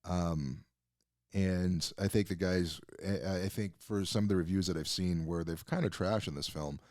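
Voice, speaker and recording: A man's voice: sits low, moderate pace, a little mellow, dry recording. A man hosting a podcast, giving a casual, rambling film review with lots of fillers and restarts and the odd curse, close on a mic. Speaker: podcast host. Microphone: close desk mic.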